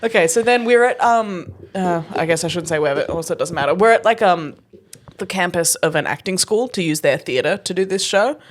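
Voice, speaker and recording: A young adult woman, co-hosting a podcast and telling a story in casual chat, animated and swearing freely. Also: on the low side, brisk. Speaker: podcast co-host.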